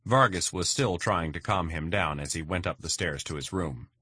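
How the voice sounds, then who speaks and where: Male first-person audiobook narrator, deep and husky, matter-of-fact. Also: moderate pace, sharp tone, no echo, studio quality.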